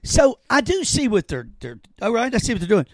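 A man hosting a casual podcast chat, talking in an animated, excitable way and stammering when he makes a point. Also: very high-pitched, fairly quick, dry recording. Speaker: podcast host.

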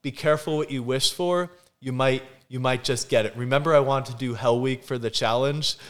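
An animated man tells a story in a loose, conversational way. He acts out what people said and keeps breaking into laughs. His pitch sits in a middle range. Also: a little fast. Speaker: guest. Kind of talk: casual storytelling.

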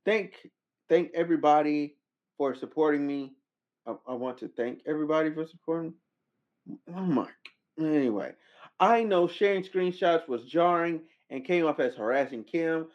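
A man hosting a casual commentary podcast, talking in a slangy way with incredulous, animated outbursts. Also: a little high, normal speed, muffled recording. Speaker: podcast host.

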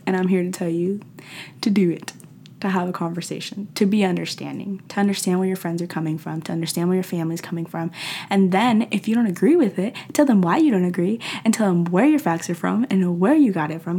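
A young woman hosting a podcast, talking in a casual, emphatic and animated way, dropping into slang and laughing often. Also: fairly low pitch, brisk, breathy edge. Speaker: podcast host. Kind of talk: casual motivational monologue.

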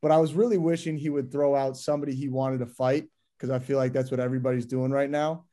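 A man's voice: mid-range voice, fast talker. A man co-hosting a sports podcast in a casual, joking chat, steering the segments. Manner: animated, joking, wraps up segments. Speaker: podcast co-host.

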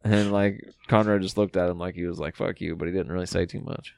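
A man with a low, deep voice talks quickly in a dry, close recording. He co-hosts a casual podcast and tells animated, profane stories. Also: creaky, dry recording. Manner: fast, swearing, animated storytelling. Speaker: podcast co-host. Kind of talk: casual wrestling chat.

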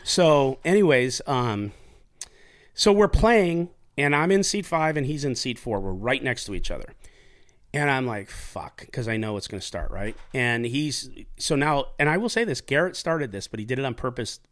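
A podcast host with a medium-pitched voice tells stories at a moderate pace. He's an animated, profane storyteller, keeping the chat casual and full of swearing.

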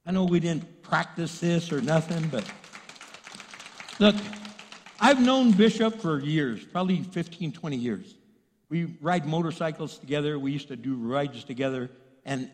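Preacher guy telling stories, acts out the lines, kinda high voice, big echoey hall. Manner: animated, storytelling with acted-out dialogue and laughs. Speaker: pastor. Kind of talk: sermon. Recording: long hall reverb.

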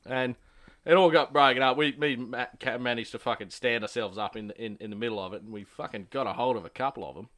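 A young man with an Australian accent spins a rowdy, profanity-laden story among mates. He talks at an everyday pitch and jumps into other voices when he quotes people. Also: quick pace, a bit bright. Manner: rowdy storytelling, heavy swearing, acts out quoted lines. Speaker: podcast host. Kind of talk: casual chat.

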